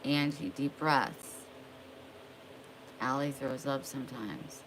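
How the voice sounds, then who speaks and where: Low-voiced young woman, slow drawl. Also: a little hiss or hum, rough recording. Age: young adult. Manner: slow, drawling, chatting with viewers by name. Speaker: livestreamer. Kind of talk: casual livestream chat.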